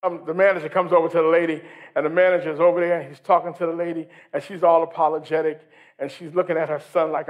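A male pastor preaching a sermon in a church service, animated and building to shouts, asking the congregation questions. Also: a little high, fast, lo-fi sound. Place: church sanctuary during a worship service.

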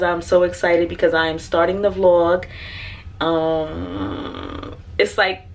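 A woman travel vlogger chatting excitedly to camera in a cruise ship cabin, repeating herself often. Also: lowish voice. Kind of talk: casual chat to camera.

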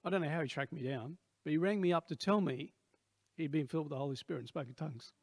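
A man's voice: fairly high pitch, fast talker, vocal fry, no echo. A man in his sixties with an Australian accent, preaching a sermon in a rambling, conversational way with many asides. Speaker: pastor.

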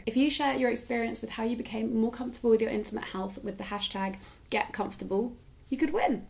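A woman's voice: a little high, gravelly, a little mellow. A woman in her twenties, answering viewer questions in a casual, reflective way and often saying "like". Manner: reflective, frequent "like" fillers. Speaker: YouTuber. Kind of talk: casual talking-head Q&A.

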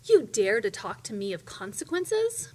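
A woman doing a cold, slow old witch. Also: very animated. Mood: menacing. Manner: slow, low and menacing, at times whispered. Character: greedy cold old witch counting gold.

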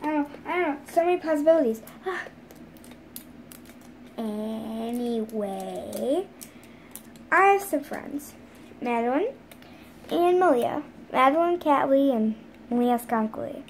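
A chatty young girl puppy rambles through little asides in a high, bright voice, as a woman plays her. It is a home-made toy pet play. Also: expressive, slight background noise, full character voice. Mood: musing. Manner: rambling, fast asides to herself. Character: chatty young female dog pet, schoolgirl.

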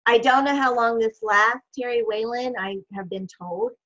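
A woman's voice: on the high side, normal speed, a bit bright. A woman co-hosting a casual video call chat, plainly reading out practical announcements. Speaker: co-host. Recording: slightly dull video call audio.

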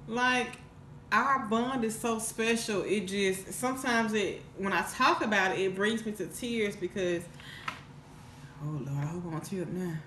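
A woman's voice: medium pitch, fairly bright tone, roomy sound, a little hiss or hum. A woman vlogger telling a casual storytime, rambling and earnest with lots of restarts. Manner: rambling, with many restarts and fillers; emotional, earnest. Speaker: mukbang vlogger.

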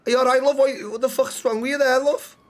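A man's voice: extremely high pitch, little pitch movement, quick pace, voice pushed up. A man doing a brash, chatty Liverpudlian in a game role-play, calling everyone love and lad. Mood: rowdy. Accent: put-on Scouse. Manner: loud, matey, calls everyone love and lad.

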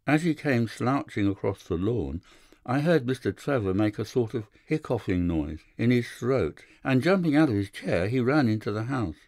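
A man narrating a classic first-person story for an audiobook, measured and even. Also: mid-range voice, no echo, clean studio sound.

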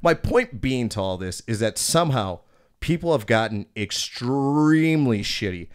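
A man's voice: medium pitch, expressive, measured pace, clean tone. A man in his thirties hosting a podcast, telling a bouncer story in a blunt, profane, casual way.

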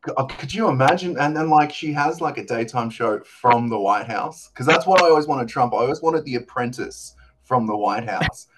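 A man's voice: mid-range voice, animated, normal speed, background noise. A man co-hosting a casual podcast, making laid-back joking quips. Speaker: podcast co-host. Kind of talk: casual chat.

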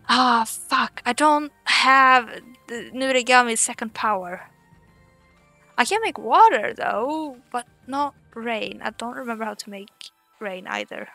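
A woman's voice: on the high side, lively intonation, measured pace, vocal fry, pushed and bright, no echo, faint music behind. A woman casually commenting as she plays a game, chatty and swearing, laughing at herself. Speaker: let's play host.

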